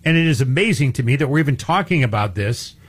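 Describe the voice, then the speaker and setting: A man's voice: mid-range voice, expressive, fast, slightly rough. A man co-hosting a talk show, giving blunt, emphatic opinions with folksy turns of phrase. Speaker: co-host. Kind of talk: opinionated talk radio chat.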